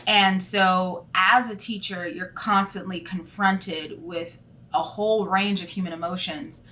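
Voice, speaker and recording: Unhurried and fairly low-pitched, a woman in her thirties who teaches speaks openly in a laid-back vlog, animated and heavy on fillers. Slight background noise can be heard.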